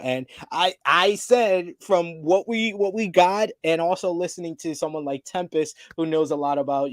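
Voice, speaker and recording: Man, fairly high voice, dry close sound, casual wrestling review chat, laughs often. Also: no echo. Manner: laughs often while recapping. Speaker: co-host.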